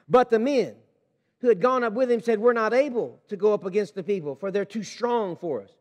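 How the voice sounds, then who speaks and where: High-voiced preacher in a reverberant hall. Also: male voice, brisk. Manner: animated preaching with scripture reading. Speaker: pastor. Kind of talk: sermon. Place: church sanctuary.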